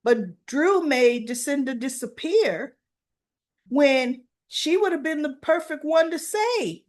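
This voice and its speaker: A woman with a fairly high voice recaps soap episodes in an unhurried, chatty way. She talks colloquially and slips into the characters' lines as she retells the scenes. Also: animated. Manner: chatty, colloquial, acts out the dialogue. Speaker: soap opera recap host. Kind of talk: casual spoken recap.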